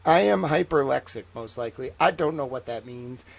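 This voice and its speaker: A man's voice: mid-range voice, expressive, fairly quick, gravelly. A man hosting a livestream, chatting casually in a rambling, profane way with lots of fillers. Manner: rambling, profane, heavy use of "like". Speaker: livestream host.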